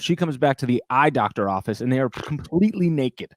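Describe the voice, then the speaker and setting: Chill wry dude joking around on a comedy podcast, mid voice, dry close mic. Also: male voice, medium pitch, animated, brisk, no echo. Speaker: podcast co-host. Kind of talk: casual comedic banter.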